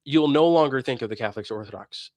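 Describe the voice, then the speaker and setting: Speaking fast at a medium pitch with a slightly mellow tone, a man rants on his religious debate stream, delivering a heated, preachy monologue full of scorn and mockery for his opponents. The recording is dry.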